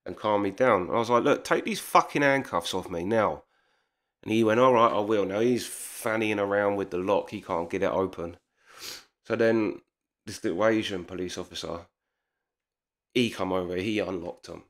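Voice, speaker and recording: Man, low voice, casual storytime, heated and sweary. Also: fairly bright tone. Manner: swearing, heated retelling with quoted dialogue. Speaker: storyteller vlogger.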